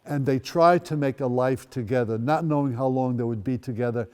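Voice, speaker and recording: In a clean, medium-pitched voice and at a fairly quick pace, an eighty-something Dutch guest speaker tells a school audience his life story, warm and relaxed. He weaves wry, dry humor among plain memories while long reverb rings through the large hall.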